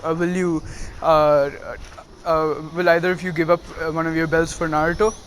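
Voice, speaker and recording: A man's voice: on the high side, little pitch movement, normal speed, fairly bright tone, slight background noise, natural voice. A man voicing an exasperated adult male ninja teacher, flustered and hesitant.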